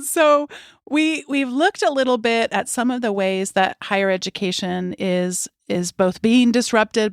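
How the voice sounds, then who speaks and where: A woman's voice: medium pitch, dry recording, clean studio sound. A woman from the United States hosting an education podcast, speaking in a playful, sarcastic way. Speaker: podcast host. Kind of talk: podcast interview.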